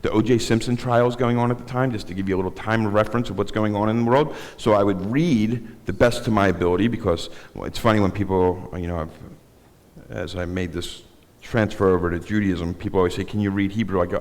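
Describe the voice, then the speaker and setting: Deep-voiced middle-aged man telling his story from the bimah, candid and self-mocking, with a long sanctuary echo. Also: fairly even intonation, fairly quick. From South Philadelphia. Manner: candid, rambling storyteller with self-deprecating humor. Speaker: guest speaker. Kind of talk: personal testimony talk. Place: synagogue sanctuary.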